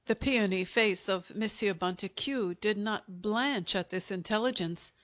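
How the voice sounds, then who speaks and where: A woman reading a short story aloud as an audiobook narrator, in a measured storytelling manner. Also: medium pitch, fairly bright tone. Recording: dull, lo-fi audiobook recording.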